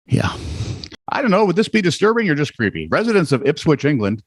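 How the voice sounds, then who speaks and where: Male podcast co-host, animated and wisecracking, dry close-mic delivery. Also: on the high side, fairly quick, slightly rough, dry recording. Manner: jokey, reads headlines with wry asides. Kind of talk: casual comedic news chat.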